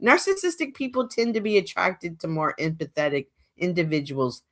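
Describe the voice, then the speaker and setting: A woman's voice: fairly low pitch, moderate pace, fairly bright tone. A woman co-hosting a casual streamed panel chat, laughing often and teasing the others. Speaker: co-host of a live streamed panel.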